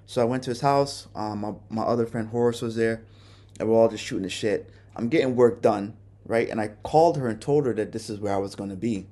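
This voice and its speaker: A man's voice: on the low side, steady tone, fast talker, dark tone. A man hosting a podcast, telling a personal story in a candid, casual way and cursing often. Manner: candid, profane, conversational. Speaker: podcast host.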